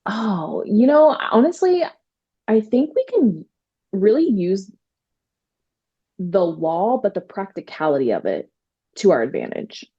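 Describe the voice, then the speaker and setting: A woman attorney telling stories in a casual interview, animated, quoting herself and using many fillers. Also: mid-range voice, unhurried, long pauses, slightly rough, muffled recording. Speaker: trademark attorney guest.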